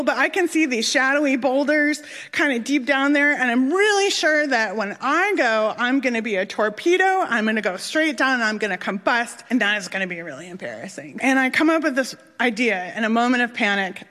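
A young woman telling a personal story on stage, animated and laughing, acting out the voices of others. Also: a little high, fairly quick. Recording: long hall reverb.

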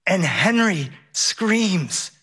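A middle-aged man performs a comic personal story on stage, vivid and lively, at one point mimicking his son in a high, whiny voice. He speaks very slowly with a breathy edge.

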